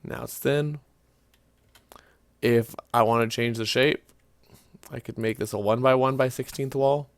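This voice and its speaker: A man giving a casual, unscripted software tutorial, thinking aloud with fillers and self-corrections as he clicks through the steps. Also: medium pitch, fairly even intonation, measured pace, vocal fry, long pauses, dry recording. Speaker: CAD tutorial instructor. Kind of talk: screen-recorded software walkthrough.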